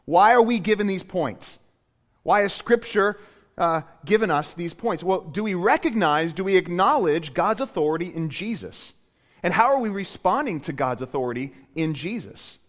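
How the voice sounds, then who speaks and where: A man's voice: sits high, lively intonation, normal speed. Man preaching in a reverberant church hall. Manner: swings between hushed and loud emphatic preaching. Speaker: pastor. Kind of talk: sermon.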